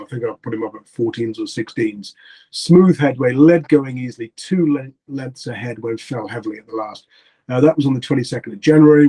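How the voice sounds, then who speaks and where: Male tipster, mid-pitched, dry wit, detailed delivery. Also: warm tone, slightly rough, low-quality recording. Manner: dry, joking, reels off form details. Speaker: racing tipster. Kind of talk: casual podcast chat.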